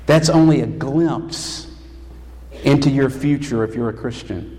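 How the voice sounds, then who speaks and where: A man preaching a sermon as pastor, emphatic and rising to loud calls. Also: mid-range voice, unhurried. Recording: long hall reverb.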